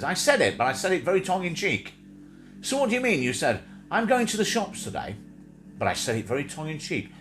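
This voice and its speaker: A man's voice: sits high, big pitch swings, fast talker, fairly bright tone, soft background music. A man co-hosting a live stream in casual chat, rambling and joking as he talks to viewers and his pets. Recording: noisy home stream audio.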